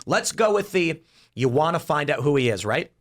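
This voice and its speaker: A man's voice: a little high, very animated, normal speed. A man hosting a casual panel debate, talking animatedly and acting out quoted voices as he lays out a scenario. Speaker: podcast host.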